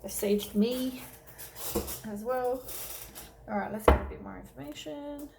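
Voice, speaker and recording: A woman's voice: a little high, unhurried, vocal fry. Worn-out lady doing a tarot reading at home, lots of ums, faint hum behind her. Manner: chatty, rambling, many "um"s and self-corrections. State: tired, keeps yawning. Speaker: tarot reader. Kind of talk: casual tarot reading to camera.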